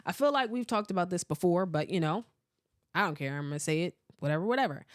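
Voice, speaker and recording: A woman, hosting a podcast and chatting casually, animated and often laughing as she rambles through stories. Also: lowish voice, fast, no echo, clean studio sound. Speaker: podcast host. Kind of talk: casual chat reading listener comments.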